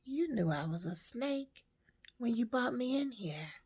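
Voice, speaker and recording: Sly male snake voiced by a woman, whispered role-play, slow and deadpan. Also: extremely high pitch, breathy edge, pitched above the performer's own voice, exaggerated voice. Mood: matter-of-fact. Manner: hushed, slow, matter-of-fact.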